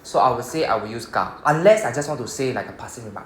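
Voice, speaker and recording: A man's voice: mid-range voice, animated, quick pace, fairly bright tone, slight background noise. Singaporean man teaching a class. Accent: Singaporean English. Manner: explains patiently, often checking with "right?". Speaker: Japanese teacher. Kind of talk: classroom lesson. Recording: echoey classroom.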